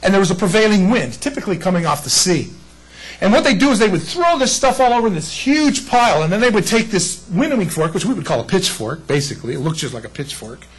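Pastor guy preaching, higher voice, lively, acts out little voices and jokes with the crowd. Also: fast, slightly rough, low-quality recording. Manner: animated, acts out voices, conversational asides. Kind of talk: sermon.

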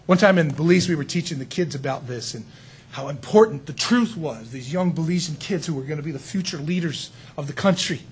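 A man preaching a sermon in an animated, conversational way, with frequent asides to his listeners. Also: on the high side, a little fast, husky.

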